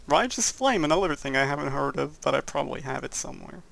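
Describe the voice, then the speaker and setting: Young male gamer, rough-edged gravelly tone, chatty and jokey, casual let's-play commentary. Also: a little high, animated, fast talker, a bit bright. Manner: rambling, jokey, laughs at his own jokes. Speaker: gameplay commentator.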